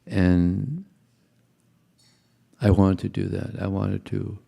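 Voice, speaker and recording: Slow and creaky, with a low, dark voice and fairly even intonation, an older temple speaker addresses his congregation. His devotional talk is chatty and anecdotal, punctuated by chuckles.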